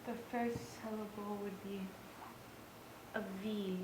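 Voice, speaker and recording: A woman student works through phonics answers in a soft, hesitant voice. She speaks slowly and flatly. She is heard from off-mic in a roomy space with clear background noise. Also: medium pitch. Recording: distant, echoey, with noise.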